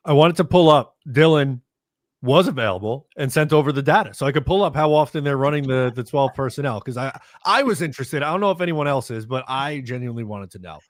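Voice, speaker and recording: A man hosting a casual sports chat show, relaxed and reading out listener comments. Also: medium pitch, fast talker, no room sound, studio quality. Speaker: podcast host.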